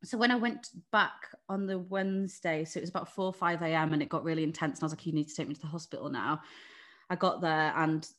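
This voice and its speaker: A woman's voice: low-pitched, fast, fairly bright tone. A woman in a candid casual chat, telling a story animatedly, acting out the people she quotes and swearing freely. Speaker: guest sharing birth story.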